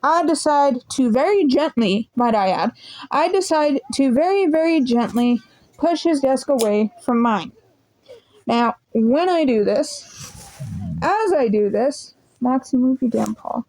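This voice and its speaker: A woman's voice: high-pitched, measured pace, poor audio. A young woman rambling through a casual storytime vlog, swearing freely as she tells it. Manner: swearing, rambling, animated retelling. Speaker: vlogger.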